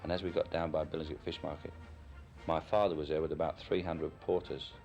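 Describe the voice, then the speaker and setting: A man's voice: a bass voice, flat delivery, fairly quick, gravelly, a little mellow, dull audio, faint music behind. A man with a Cockney accent from London, giving a frank, opinionated and reflective account in a candid documentary interview. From London, England.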